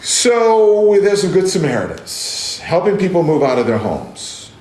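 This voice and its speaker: A man's voice: sits high, wildly swooping pitch, unhurried, darkish tone. Indignant man in a roomy echo. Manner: emphatic and indignant, repeats words for stress. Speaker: news commentator and show host. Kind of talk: casual livestream commentary.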